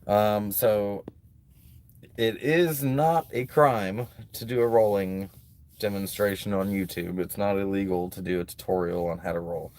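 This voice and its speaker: A man's voice: on the low side, fairly even intonation, a little slow, a little mellow. A man chatting casually on a live stream from a beach, rambling and laid-back with lots of "like" and "um". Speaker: livestreaming vlogger. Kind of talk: casual live-stream chat reading donations. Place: at a beach, outdoors.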